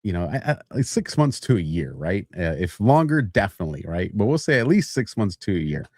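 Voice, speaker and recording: A man hosting a podcast, telling a lively office story as a sponsor read, laughing often and building to mock outrage. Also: fairly low pitch, brisk, no room sound, studio quality. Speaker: podcast host.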